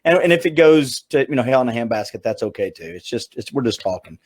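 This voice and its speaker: A fast, loose-talking man with a strong Southern accent hosts a casual chat and jokes as he goes. His voice is mid-pitched. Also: animated, darkish tone. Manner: fast, loose, joking talker. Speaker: podcast host.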